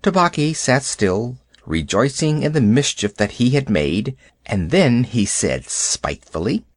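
Male narrator reading a classic story, animated pitch, dry close sound. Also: no echo. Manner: expressive, measured storytelling.

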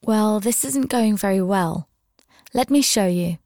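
A woman voicing a commanding, smug male university lecturer in an audio story, speaking calmly and instructively. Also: mid-range voice, unhurried, no echo, studio quality, natural voice.

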